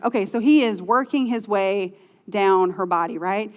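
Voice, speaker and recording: Middle-aged woman pastor, chatty and playful sermon delivery, medium pitch, long church-hall reverb. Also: moderate pace. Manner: lively, conversational preaching with playful asides.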